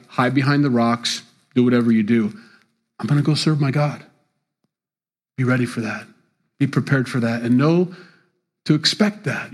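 A male pastor preaching a sermon, with animated delivery and sudden jumps in pitch on key words. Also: husky.

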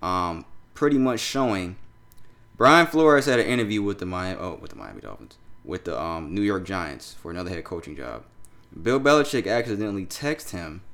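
A young man with a fairly low voice hosts a casual sports podcast. He talks loosely and with energy, cursing freely as he runs through the day's football news. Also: moderate pace, gravelly. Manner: loose, animated, swears freely, reads texts aloud. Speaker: podcast host.

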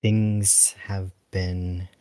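A man plays a deep-voiced uplifted dolphin pilot, formal and gentle, who addresses a young listener as "child" in a measured, patient way. The voice is very low and dry, with no room sound. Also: level tone, dry recording. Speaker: player. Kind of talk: tabletop role-play, in character.

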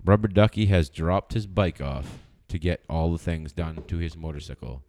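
A man's voice: deep voice, moderate pace, darkish tone, no room sound, clean studio sound. A man co-hosting a podcast, swearing, laughing and telling stories in casual chat. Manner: profane, laughing, storytelling banter. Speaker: podcast co-host.

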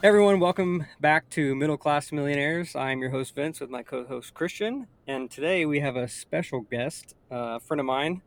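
Relaxed man hosting a podcast. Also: fairly high pitch, normal speed, hardly any pauses, faint music behind. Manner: relaxed, filler-heavy, loose phrasing. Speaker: podcast host. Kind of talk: casual interview hosting.

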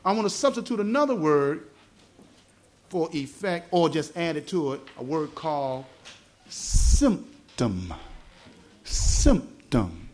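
A Southern US evangelist teaches a small church meeting, his voice sitting high for a man. He keeps checking whether the congregation follows him and spells words out slowly. His pitch rises and falls in wide, animated swings. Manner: asks the congregation questions, explains words slowly. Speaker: gospel evangelist. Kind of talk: teaching sermon.

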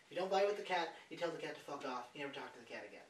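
Animated young man telling stories, roomy. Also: fairly high pitch, racing. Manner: animated storytelling, swears freely. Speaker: podcast host. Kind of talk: casual chat. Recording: roomy, distant mic.

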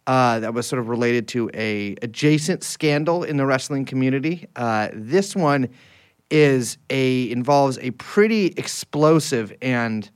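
A man hosting a podcast in loose, casual conversation. He rambles and restarts his sentences often, with a voice of middling pitch. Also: animated, unhurried, smooth. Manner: chatty, rambling with frequent restarts and fillers. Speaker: podcast host.

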